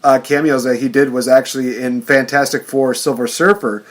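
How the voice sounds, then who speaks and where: A man's voice: mid-range voice, fairly even intonation, moderate pace. A man hosting a casual podcast chat, steering the talk, laughing often and using lots of fillers. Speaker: podcast host.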